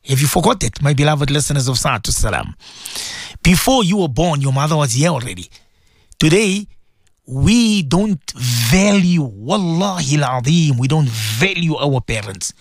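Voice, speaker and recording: Lively, emphatic radio preacher. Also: medium pitch, moderate pace, dry recording, clean studio sound. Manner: emphatic, repeats phrases, rhetorical questions; mixes Arabic religious phrases into English. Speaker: radio show host.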